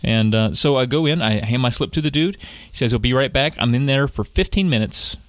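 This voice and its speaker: A man telling a story at a quick clip, throwing himself into the other people's lines as he goes. His voice sits at a middle pitch, and the close mic leaves it dry with no room sound. It is relaxed, casual podcast chat. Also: dry recording. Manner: animated storyteller acting out dialogue. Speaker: podcast co-host.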